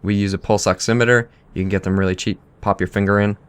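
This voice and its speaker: A man's voice: on the low side, fairly even intonation, quick pace, a crowd in the background. A man co-hosting a training podcast, explaining things plainly and slipping in dry jokes. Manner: dry joking asides between plain explanations. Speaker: podcast co-host. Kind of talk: casual coaching chat.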